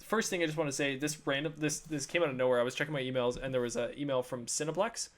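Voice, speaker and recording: A man's voice: medium pitch, steady tone, fast, a bit bright. A young man co-hosting a casual podcast, rambling through a story with many fillers. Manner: rambling, lots of fillers and retold quotes. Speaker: podcast co-host. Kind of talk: casual chat.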